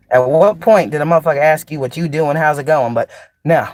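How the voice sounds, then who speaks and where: A woman's voice: low voice, brisk, darkish tone, a little hiss or hum. Blunt, profane woman spiritual teacher. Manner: blunt, profane, laughs often. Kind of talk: casual spiritual monologue.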